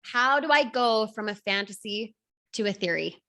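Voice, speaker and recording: A woman in her thirties coaching an online class, energetic, firing rhetorical questions at the audience. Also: medium pitch, normal speed. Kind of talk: motivational class talk.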